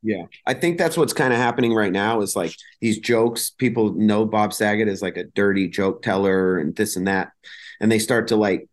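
A man hosting a podcast in casual chat, telling stories in a laid-back, rambling way. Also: on the low side.

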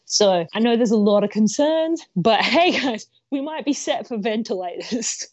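A woman's voice: on the high side, expressive, moderate pace, darkish tone, dry recording, muffled recording. A woman co-hosting a podcast, telling news stories in a chatty, playful way. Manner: chatty storyteller, playful asides. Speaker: co-host. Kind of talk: casual podcast news chat.

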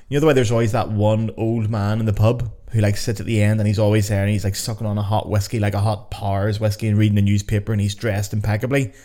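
A man's voice: lowish voice, a little mellow. A man in his thirties with a Belfast accent, hosting a podcast in a chatty, joking, self-mocking way. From Northern Ireland. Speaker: podcast host. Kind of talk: casual podcast chat.

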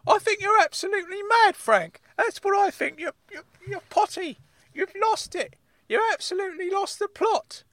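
Man doing a cranky uncle voice, shrill and high, wildly swooping, indignant scolding. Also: expressive, normal speed, fairly bright tone, no echo. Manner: indignant, scolding, calls the other mad. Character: cantankerous excitable male uncle, easily irked. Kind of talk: comedy podcast character bit.

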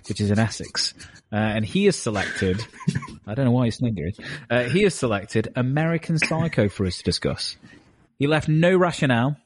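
A man's voice: medium pitch, darkish tone, dry recording. A man from Glasgow, hosting a movie podcast in a chatty, wry way. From Glasgow, Scotland. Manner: chatty, wry, with many fillers. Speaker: podcast host. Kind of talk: casual podcast chat.

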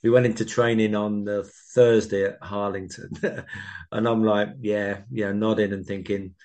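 A former footballer in his sixties telling long anecdotes in an interview. His voice is low and gravelly, and he rambles, restarts and jumps between memories. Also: steady tone, moderate pace, darkish tone. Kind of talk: casual interview.

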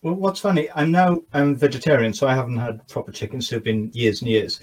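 A man's voice: mid-range voice, brisk. A man co-hosting a podcast, a comedian who rambles in a wry, self-mocking way. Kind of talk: casual podcast chat.

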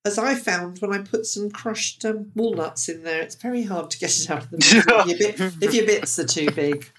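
Female podcast co-host, gentle, chatty, rambling asides, mid-pitched everyday voice. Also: normal speed. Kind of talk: casual chat.

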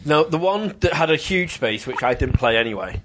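A man's voice: on the high side, expressive, brisk, noisy background. A man co-hosting a casual podcast chat, rambling with ums and restarts. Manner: chatty, many ums and restarts. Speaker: podcast co-host. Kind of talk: casual chat about video games.

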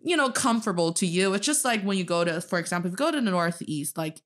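Lowish-voiced woman from China chatting. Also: fast talker. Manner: animated storyteller, voices others' lines. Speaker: co-host. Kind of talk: casual chat.

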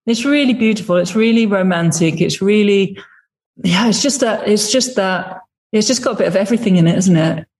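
Animated woman telling stories to an interviewer. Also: medium pitch, brisk. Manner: lively, laughs often, acts out quoted voices. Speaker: music video director, guest. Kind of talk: animated storytelling in conversation.

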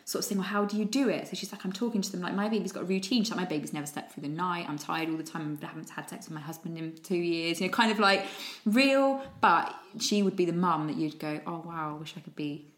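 Low woman, roomy chat. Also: fast talker, hardly any pauses. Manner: animated storyteller, acts out quotes, laughs often. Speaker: podcast host, parenting blogger. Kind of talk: casual chat. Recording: roomy echo.

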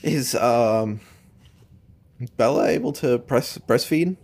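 Podcast co-host cracking jokes, short goofy interjections, mid-low voice. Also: slow, darkish tone, husky. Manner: joking interjections, goofy asides.

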